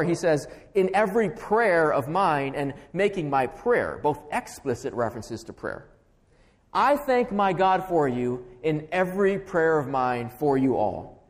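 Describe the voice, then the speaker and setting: Emphatic preacher man in a reverberant hall. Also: a little high. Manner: emphatic, builds with repeated stacked phrases. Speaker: pastor. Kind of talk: expository sermon.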